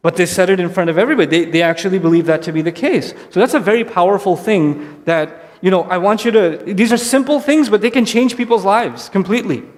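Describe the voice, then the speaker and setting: A man's voice: high voice, quick pace, hardly any pauses. Man giving a talk in a reverberant hall. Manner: conversational, animated, acts out kids and parents. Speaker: speaker addressing parents. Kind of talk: religious talk to families. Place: hall before an audience.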